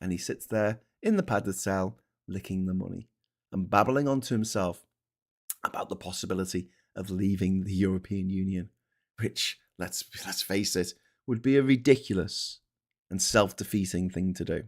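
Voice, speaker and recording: A man's voice: low voice, moderate pace. A middle-aged man with a Liverpool accent hosting a show, ranting sarcastically about politics, swearing and restarting his sentences. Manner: sarcastic, swears freely, mocks people in put-on voices; stammering restarts. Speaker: show host.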